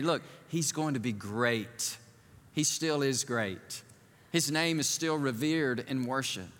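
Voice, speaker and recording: A pastor delivering an animated sermon in a large church, acting out the voices of the people he tells about. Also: on the high side, big-room sound. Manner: animated, acts out the people he quotes.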